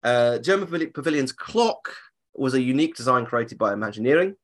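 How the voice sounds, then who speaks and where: This podcast co-host talks fast in an expressive, medium-pitched voice, joking around casually on a show about theme parks. For a laugh, he'll slip into silly voices.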